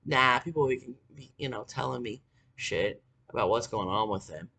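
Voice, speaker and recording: In a loose monologue, this forties vlogger rants bitterly, cursing and using plenty of fillers while swinging from quiet muttering to shouting. The pace is normal, with vocal fry and a breathy edge.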